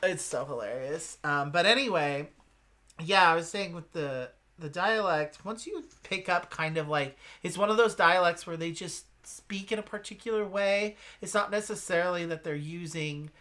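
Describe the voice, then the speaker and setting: A man's voice: high-pitched, moderate pace, sharp tone. A man with a slight lisp co-hosting a casual chat, talking in a chatty, rambling, enthusiastic way. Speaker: co-host.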